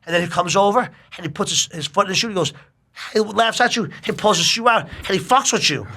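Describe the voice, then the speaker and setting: A middle-aged man telling a long personal story in casual chat, animated and full of swearing. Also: high voice, brisk, vocal fry.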